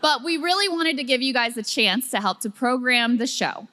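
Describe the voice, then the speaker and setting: A woman co-hosting a political commentary show, chatty and quick to laugh, explaining things step by step. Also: sits high, expressive, bright, forceful tone, big-room sound, a little hiss or hum. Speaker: co-host.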